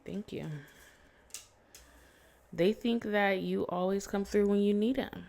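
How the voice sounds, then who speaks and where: A woman's voice: medium pitch, steady tone, slow, creaky, noisy background. A woman giving a casual tarot reading, chatty and blunt, swearing freely and laughing often. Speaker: tarot reader. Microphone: phone.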